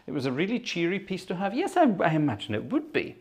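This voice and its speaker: A man's voice: on the high side, wildly swooping pitch, fast talker. A man hosting a live organ music stream, chatting casually with viewers, thanking them by name and telling a long anecdote. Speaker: organist and livestream host. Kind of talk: casual chat. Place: at home.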